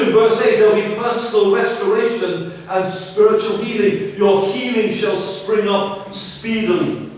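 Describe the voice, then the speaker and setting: Pastor preaching in an echoey church. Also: male voice, high voice, darkish tone, distant mic. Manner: earnest, emphatic, asks rhetorical questions. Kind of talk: sermon. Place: church sanctuary.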